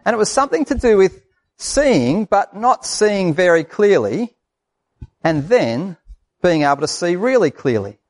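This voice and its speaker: A man's voice: high voice, big pitch swings, a little slow. An Australian man preaching a sermon in a conversational, folksy way, repeating phrases for emphasis.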